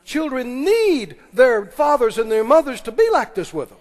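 High-voiced preacher in an echoing church. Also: male voice, big pitch swings, darkish tone. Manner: preaching with call-and-response, quick asides and laughs. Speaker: pastor. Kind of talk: sermon. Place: church sanctuary. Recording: long reverb of a church hall.

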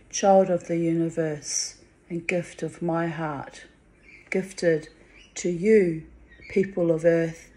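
A woman's voice: deep voice, warm tone. A middle-aged woman speaking in a personal vlog monologue, bitter and confiding, with blunt swearing. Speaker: vlogger.

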